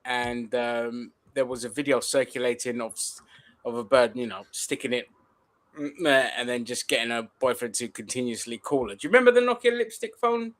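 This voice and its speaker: A man's voice: mid-range voice, a little fast, a bit bright. A man in casual podcast banter, making crude, provocative jokes. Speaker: podcast co-host.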